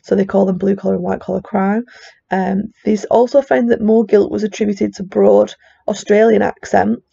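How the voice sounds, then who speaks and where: A woman's voice: medium pitch, flat delivery, normal speed, gravelly, warm tone, husky. A woman with a strong regional English accent gives a chatty classroom lecture, full of fillers and casual asides. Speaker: psychology teacher. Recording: dull, dry lo-fi recording.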